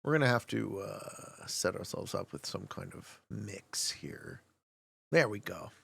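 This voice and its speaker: A man's voice: low voice, lively intonation, unhurried, gravelly, a bit bright, slightly rough. A young man streaming a strategy game, chatting casually, joking and laughing often as he answers chat. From Canada.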